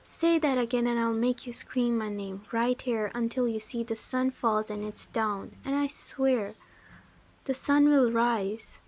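A woman voicing a possessive, domineering young male mafia husband in an audio story, reading in an even storybook manner. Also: on the high side, unhurried. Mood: pleading, possessive.

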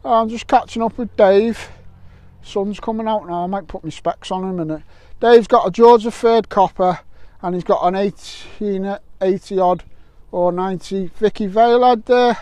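A man's voice: sits high, normal speed, dark tone, dry recording. An English man vlogging at a metal detecting rally outdoors, chatty and jokey, laughing often as he talks to friends. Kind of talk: casual vlog chat. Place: fields outdoors. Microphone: camera mic, wind noise at times.

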